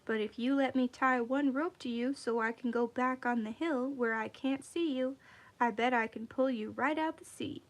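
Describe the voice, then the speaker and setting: A woman's voice: high voice, steady tone, moderate pace. A woman voicing a cocky little trickster rabbit. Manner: folksy dialect, wheedling and cocky. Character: small boastful male rabbit trickster.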